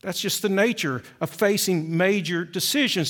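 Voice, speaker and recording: A man's voice: high-pitched, normal speed, few pauses, a bit bright. A male pastor preaching a sermon, emphatic, asking the congregation rhetorical questions and dropping to near-whispers on key phrases.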